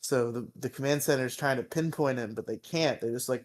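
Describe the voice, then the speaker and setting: A young man co-hosting a podcast, casually recapping a show, swearing freely and tossing in quick character impressions. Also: medium pitch. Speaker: podcast co-host.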